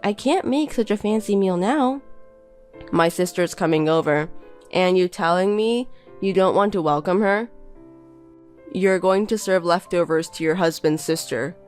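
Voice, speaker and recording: Bossy insulting husband, read by a woman in a lowish voice, cold and belittling. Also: a little slow, a little mellow, soft background music, natural voice. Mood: contemptuous. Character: scornful insulting young husband. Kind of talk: reading a text-message story.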